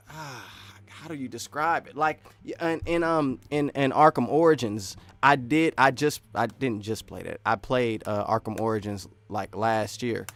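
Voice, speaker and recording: A man giving casual, excitable live-stream commentary while wearing earphones, rambling and swinging between loud and soft. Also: medium pitch. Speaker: streamer reacting to game news.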